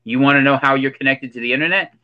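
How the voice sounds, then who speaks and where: A man's voice: mid-range voice, fast, phone-quality sound, close to an everyday voice. A man playing a preachy conspiracy theorist character in a comedic monologue, full of ominous rhetorical questions and an affected accent. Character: preachy male conspiracy theorist in hoodie and sunglasses.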